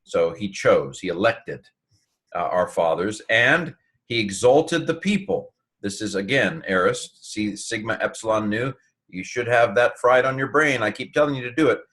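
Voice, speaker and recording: A man's voice: on the low side, normal speed, a bit bright. A man teaching a casual Greek lesson, thinking aloud with many fillers and restarts.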